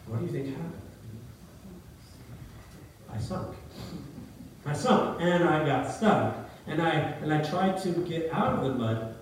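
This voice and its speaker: This is a middle-aged man, a pastor, delivering a sermon in a church hall, where he tells a story and frequently questions his listeners. His voice leans high, and slight background noise is present. The hall sounds very echoey, as if recorded from a distance.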